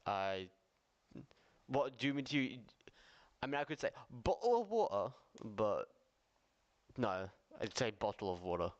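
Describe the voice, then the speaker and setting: A man's voice: lowish voice, normal speed, pauses often, dull audio. An Australian man chatting casually as a streamer reacting to videos, laughing easily and making puzzled asides.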